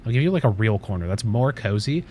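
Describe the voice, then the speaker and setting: A man's voice: lowish voice, lively intonation, fast talker, darkish tone, a little hiss or hum. A man hosting a casual livestream from his desk at home, rambling, swearing offhandedly and cooing at his cat. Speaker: livestream host.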